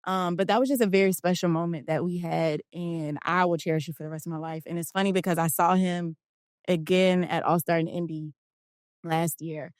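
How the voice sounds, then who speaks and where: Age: adult. Sex: woman. Origin: Philadelphia. Pitch: low. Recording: dry. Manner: animated storyteller. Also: brisk, no room sound. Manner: animated, acts out quotes. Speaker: guest, basketball players' union director. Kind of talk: casual storytelling interview.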